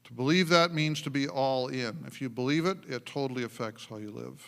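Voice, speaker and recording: Male pastor, animated sermon storyteller, bright tone, echoing church sanctuary. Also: mid-range voice, fairly quick, creaky. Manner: animated storytelling with frequent laughs and restarts. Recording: long church hall reverb.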